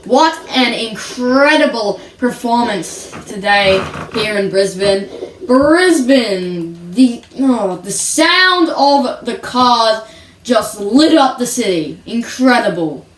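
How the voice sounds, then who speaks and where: A woman giving playful, excitable mock race commentary on a video game, sometimes singing her calls. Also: a little high, slow, reverberant, distant mic, a little hiss or hum.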